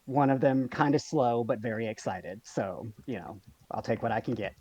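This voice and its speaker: A man's voice: mid-range voice, normal speed, dark tone, a little hiss or hum. A man playing in an online tabletop game, hesitant and self-conscious, often restarting his sentences. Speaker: player. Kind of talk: casual tabletop game chat.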